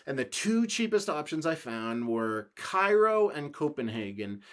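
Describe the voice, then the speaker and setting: A man's voice: a little high, big pitch swings, measured pace, smooth. A man from the United States hosting his own podcast, rambling through a travel story in a loose, casual way, swearing now and then and laughing along. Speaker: podcast host.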